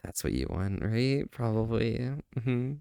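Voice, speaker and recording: A playful male streamer chats with his viewers in a flirty, teasing way, often breaking into laughter and tripping over his words. His voice sits at an ordinary pitch for a man, and the sound is close and dry. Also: lively intonation, a little slow, gravelly, mellow, clear, resonant tone, no room sound. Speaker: livestream host. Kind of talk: casual live-stream chat.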